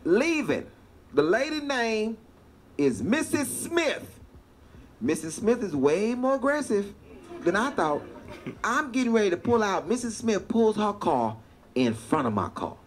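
A man doing stand-up comedy, telling a long story with animated delivery and laughter. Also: sits high, measured pace. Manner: animated, laughing through punchlines. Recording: noisy stand-up clip played back.

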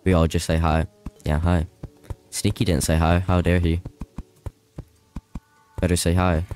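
A man's voice: low voice, level tone, unhurried, a little mellow, soft background music. A man streaming a video game live, chatting loosely with viewers, often panicking and laughing. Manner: panicky, laughing, rambling to chat.

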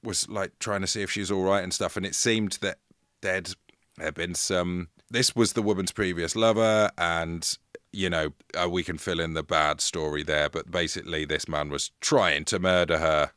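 A man's voice: low voice, normal speed, smooth, no echo, clean studio sound. A man co-hosting a podcast, telling a story in a playful, jokey way. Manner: playful, jokey, lively retelling. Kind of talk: casual comedic storytelling chat.

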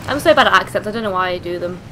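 A woman's voice: medium pitch, animated, rapid-fire, a bit bright. A young woman with a cough, giving hyper, swear-filled commentary on a game she plays. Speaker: gaming channel host. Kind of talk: let's play commentary.

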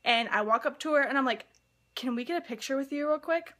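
A young woman in college vlogging excitedly and gushing, with lots of "like" fillers. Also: high voice, fast talker. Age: young adult. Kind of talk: casual vlog.

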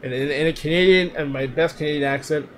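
A man's voice: fairly high pitch, fast talker, fairly bright tone, a little hiss or hum. A man streaming, reacting to old clips in loose casual chat, laughing a lot and swearing freely.

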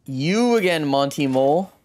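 A young man streaming a horror video game, reacting with excitable, profane trash-talk into a desk mic at home. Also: fairly high pitch, normal speed. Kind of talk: let's play commentary.

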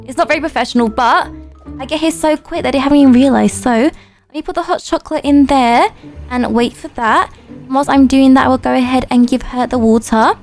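A young woman YouTuber delivers chatty roleplay commentary in a high, bright voice at a fairly quick pace, with faint music in the background. She gasps, jokes to herself, and keeps a playful patter running.

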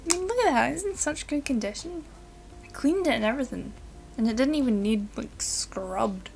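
A young woman giving casual, excitable commentary while playing a video game, giggling and swearing now and then. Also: sits high, normal speed, vocal fry, faint music behind. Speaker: let's play gamer.

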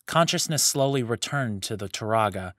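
A man narrating a fantasy story serial in a measured, even storytelling manner, close to the mic. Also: mid-range voice, no room sound. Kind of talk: scripted audiobook narration.

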